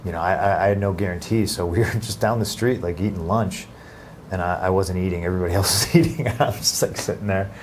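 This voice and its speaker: Interview guest, male, very low pitch, halting with restarts, faint noise behind. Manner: halting, many restarts and fillers. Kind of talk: casual interview.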